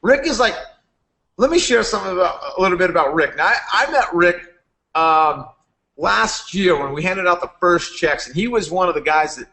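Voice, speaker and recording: A man, a company founder, giving a rambling, energetic motivational talk to members on a live stream. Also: high voice, brisk, creaky.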